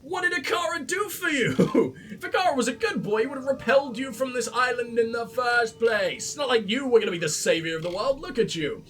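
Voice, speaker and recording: A man hosting a let's play and commenting on the game in a sarcastic, sweary, excitable way. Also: extremely high pitch, fairly quick, hardly any pauses. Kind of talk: gameplay commentary.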